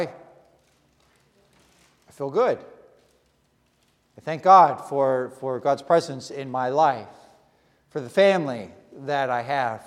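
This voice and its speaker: Earnest preacher in a reverberant hall. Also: male voice, a little high. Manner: earnest, speaks in short repeated phrases with pauses. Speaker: pastor. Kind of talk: sermon.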